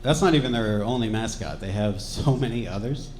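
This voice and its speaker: A man from Georgia doing a stand-up set, wry and deadpan, with throwaway asides. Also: on the low side, brisk, slight background noise. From Georgia, USA. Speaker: stand-up comedian. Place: comedy club stage. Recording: echoey club with loud crowd laughter. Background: audience laughing.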